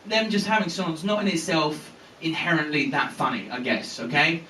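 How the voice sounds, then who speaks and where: A young English man doing a live stand-up set, telling an animated, sweary story. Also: on the high side, normal speed, a little hiss or hum. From England. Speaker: stand-up comedian. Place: comedy venue with live audience. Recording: echoey bootleg audio from a distance.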